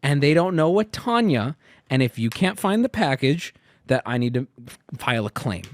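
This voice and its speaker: A man in his thirties telling a long story in a casual, animated way, swearing and acting out the exasperated dialogue. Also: a little high, moderate pace, no echo, clean studio sound.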